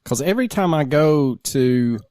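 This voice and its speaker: A man's voice: a little high, animated, measured pace, a little mellow, no echo. A man co-hosting a casual podcast, rambling loosely and laughing mid-sentence as he reads out listener comments. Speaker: podcast co-host.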